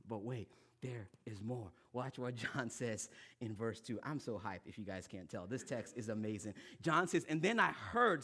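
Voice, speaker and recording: A man with an American accent preaching a casual, animated sermon, moving from loud excitement to hushed intensity. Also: a little high. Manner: casual, uses pop culture and slang. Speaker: pastor.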